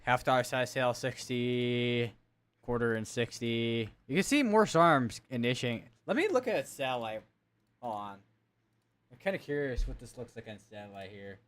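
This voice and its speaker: A man's voice: mid-range voice, normal speed, a bit bright. A man hosting live severe weather coverage, talking casually and thinking aloud as he clicks through weather maps. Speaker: severe weather stream host.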